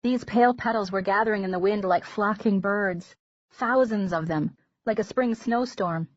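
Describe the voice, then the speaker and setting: Woman, audiobook narration, measured and gentle, dry close sound, dull lo-fi audio. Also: mid-range voice, no room sound. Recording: dull lo-fi recording.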